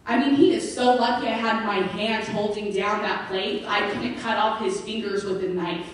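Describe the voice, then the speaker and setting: A woman's voice: medium pitch, normal speed. Woman telling jokes in an echoey club. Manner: animated storytelling with acted-out quotes. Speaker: stand-up comedian. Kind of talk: stand-up comedy set. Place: comedy club stage. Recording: echoey venue heard from far off.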